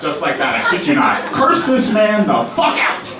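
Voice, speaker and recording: A man's voice: on the high side, big pitch swings, moderate pace, very noisy. A young man doing a loose, profane stand-up set in a comedy club, laughing at his own jokes. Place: comedy club main room. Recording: echoey club room, mic at a distance.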